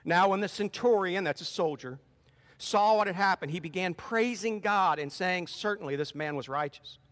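A man's voice: sits high, moderate pace, fairly bright tone. A man preaching a sermon, reading scripture aloud with rising emphasis and then explaining it plainly. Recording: long hall reverb.

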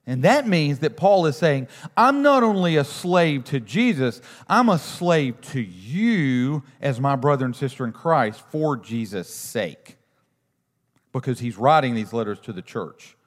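A male pastor, giving a sermon in a relaxed, conversational way with self-deprecating stories. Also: medium pitch, big-room sound.

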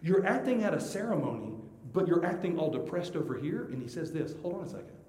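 Man, pastor, sermon, conversational and animated, acts out quoted voices, higher voice, roomy sanctuary with long reverb. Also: quick pace. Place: church sanctuary. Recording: echoey hall with long reverb.

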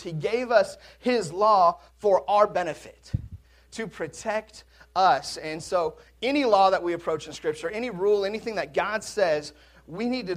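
A man preaching a conversational sermon in a church, with jokes and asides to the congregation. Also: high-pitched. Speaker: pastor. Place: church sanctuary.

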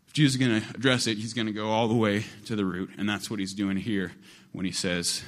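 Low-voiced conversational male preacher. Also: little pitch movement, fast, fairly bright tone. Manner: conversational, repetitive, building emphasis. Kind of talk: sermon.

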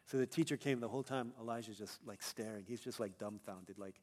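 A young male pastor preaching a sermon, telling a personal story and building to loud, emphatic peaks. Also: lowish voice, brisk.

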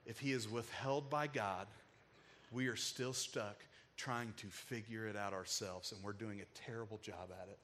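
A man's voice: on the low side, steady tone, moderate pace, fairly bright tone, slight background noise. A man preaching a sermon, telling a heartfelt personal story in an emotional, casual way with frequent filler words. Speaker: pastor.

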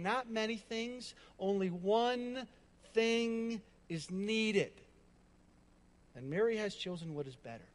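Male pastor, high voice, emphatic sermon delivery with chatty asides, echoey hall. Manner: emphatic, repetitive, with conversational asides. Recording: long hall reverb.

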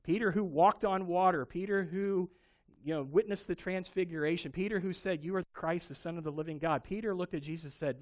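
Animated preaching man, slightly high voice. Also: brisk. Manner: animated storytelling, acting out quoted voices. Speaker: pastor. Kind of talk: sermon.

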